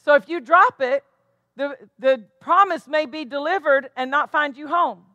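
A woman's voice: high voice, moderate pace, sharp tone, dry recording, highs cut off. A woman pastor preaching a sermon with emphatic delivery, tossing questions back to the congregation. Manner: emphatic preaching with call-and-response asides.

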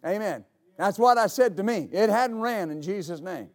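High-voiced storytelling pastor. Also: male voice, lively intonation. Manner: halting restarts, then emphatic declarations. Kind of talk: sermon storytelling.

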